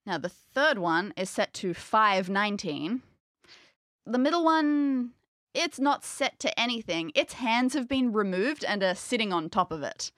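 A woman narrating a tabletop game as game master in the second person, lively and wry. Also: medium pitch, a little slow, no room sound, studio quality.

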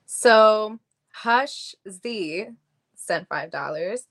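A woman's voice: medium pitch, animated, extremely slow, a bit bright. A woman co-hosting a casual wrestling review show, bubbly and teasing. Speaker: podcast co-host.

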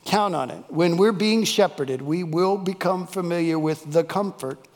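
Male preacher, high voice, folksy and emphatic, long church reverb. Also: moderate pace, darkish tone. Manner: folksy, emphatic, repeats key phrases. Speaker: pastor. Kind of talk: sermon. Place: church worship service.

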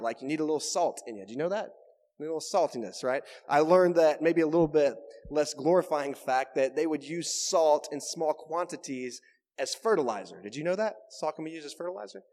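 A pastor preaching in a church, his voice sitting a touch high for a man. He talks to the room in a conversational, emphatic way and keeps checking in with the listeners. A long reverb trails behind every phrase. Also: darkish tone. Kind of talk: sermon.

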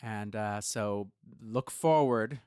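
A man's voice: lowish voice, takes it slowly, smooth, dry recording. Playful man, dry close sound. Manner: animated and playful, acts out little quotes. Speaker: podcast co-host. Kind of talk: casual podcast chat about astrology.

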